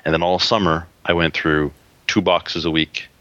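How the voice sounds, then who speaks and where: A man co-hosting a casual podcast chat, telling a story in a relaxed way. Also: low-pitched, normal speed, dry recording. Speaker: podcast co-host. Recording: dull lo-fi line.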